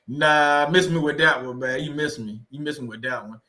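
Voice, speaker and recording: Bright-voiced joking man on a livestream. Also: medium pitch, measured pace, hardly any pauses. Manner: animated and joking, laughs often, speaks to the viewers. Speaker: livestream host on narcissistic abuse. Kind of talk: casual livestream talk.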